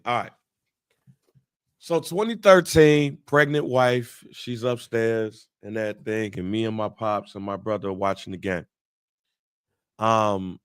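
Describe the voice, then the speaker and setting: A man's voice: medium pitch, a bit bright, clear, resonant tone, dry recording, clean studio sound. A man, telling a profane, laughing story as a talk-show co-host.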